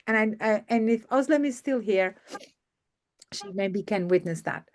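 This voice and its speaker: Over a video call, a woman hosts an online masterclass as a media coach, sharing success stories with real enthusiasm. Her voice is medium-pitched and unhurried, and she repeats words to drive points home.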